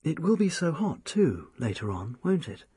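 A man's voice: fairly high pitch, very animated, moderate pace, warm tone, husky, no echo, clean studio sound, full character voice. A man voicing a young woman, an earnest and devoted music student, in an audiobook reading. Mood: wistful. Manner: eager, tender, pleading. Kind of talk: audiobook character voice.

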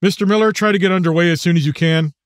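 A man's voice: high voice, rapid-fire, no room sound, clean studio sound, close to an everyday voice. A man doing a stern, formal patrol officer. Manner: formal, clipped. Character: polite, stern male highway patrolman.

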